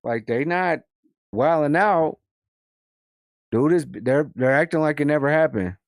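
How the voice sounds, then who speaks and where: A man's voice: on the high side, unhurried, dry recording, studio quality. Firm man chiming in on a recap. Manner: backs the other host with steady agreement, firm short verdicts. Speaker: co-host of a TV recap show. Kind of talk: casual recap chat.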